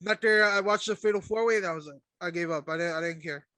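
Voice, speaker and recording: A man's voice: high-pitched, fast talker, pushed and bright, dry recording. A man co-hosting a casual wrestling podcast, laid-back and agreeable, with slangy talk. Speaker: podcast co-host.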